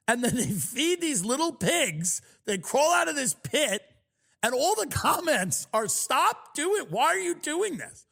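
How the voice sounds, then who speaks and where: A man hosting a comedy podcast, ranting in a loud, mocking, exaggerated way. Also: very high voice, creaky. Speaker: podcast host. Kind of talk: comedic rant.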